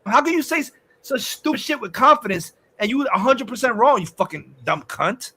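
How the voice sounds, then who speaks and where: A man's voice: very high voice, very animated, moderate pace, bright, forceful tone, slightly rough. A man hosting a livestream, ranting crudely in casual chat and stumbling over his words as he gets heated. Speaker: livestream host. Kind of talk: casual profane rant chat.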